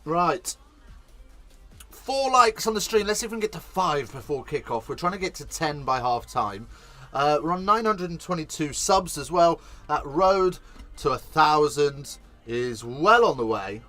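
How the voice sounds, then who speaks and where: Bright, chatty man. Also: a little high, unhurried, faint music behind. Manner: chatty, excitable, swears casually. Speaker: host. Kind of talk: live watch-along commentary.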